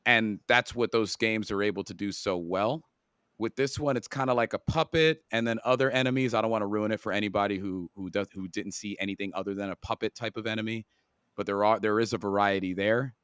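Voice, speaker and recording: A man co-hosts a casual gaming podcast in a low voice. He rambles and restarts his sentences, tripping over words as he goes. The sound is dry and close. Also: steady tone, fairly quick, a bit bright, clean tone, dry recording. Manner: rambling, self-correcting, stumbles over words. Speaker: podcast co-host. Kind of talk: casual chat.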